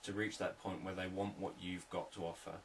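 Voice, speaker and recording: A man, a hypnotherapist, explaining sales techniques in a calm, repetitive, unscripted teaching talk. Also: low-pitched, fairly quick, far from the mic, slight background noise, poor audio.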